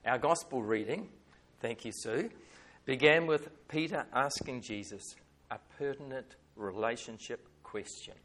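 A man begins his sermon at a church service. He speaks slowly and reflectively. His voice sits at an ordinary male pitch, steady and composed. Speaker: preacher.

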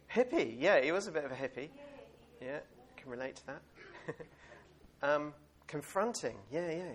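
Guy preaching in church, rambly and chatty, laughs a bit, voice sits a little high. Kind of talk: informal sermon.

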